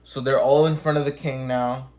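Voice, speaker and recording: Give me a man in casual chat with a mid-range voice. He tells a rambling, profane story, leans on "like" and restarts, and jumps into quick character voices. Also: mid-range voice, fairly even intonation, darkish tone. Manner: acts out characters with quick voice changes.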